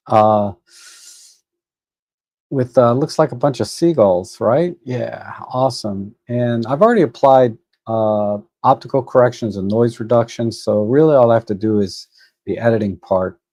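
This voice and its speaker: A man with a mid-range, gravelly, dark-toned voice hosts a photo editing livestream on a desk microphone, recorded dry. He chats casually at his computer, thinking out loud with fillers and restarts.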